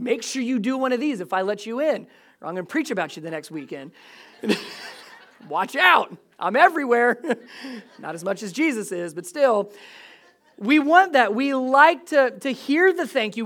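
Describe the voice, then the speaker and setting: A pastor preaches to a congregation in a church sanctuary. The delivery is lively and conversational, dropping to near-quiet and then rising loud, with a joking touch. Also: mid-range voice. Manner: lively and conversational, swinging from soft to loud with humor. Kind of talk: sermon.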